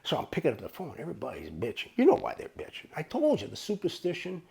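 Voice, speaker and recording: Male storyteller, raspy and gravelly, swinging pitch, profane and rambling. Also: huge pitch swings, quick pace, dark tone. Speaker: storyteller recounting his bookmaking days. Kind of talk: casual storytelling to camera.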